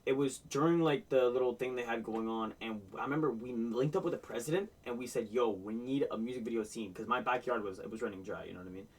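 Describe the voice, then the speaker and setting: A man's voice: mid-range voice, quick pace, few pauses, distant mic, low-quality recording. A man reacting to a music video, telling absurd made-up stories in a mock-sincere tone. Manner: tells outlandish tall tales in a mock-sincere tone.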